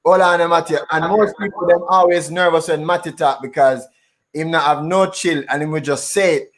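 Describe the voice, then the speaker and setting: Host, fairly high voice, chill and agreeable, talks in patois. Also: male voice, steady tone, moderate pace, fairly bright tone. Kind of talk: casual conversation.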